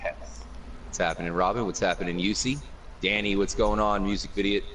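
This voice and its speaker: Deep-voiced man hosting a gaming talk. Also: steady tone, brisk, fairly bright tone. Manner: upbeat, addresses guests and viewers directly. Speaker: show host. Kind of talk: casual group gaming discussion. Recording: distant mic with faint noise.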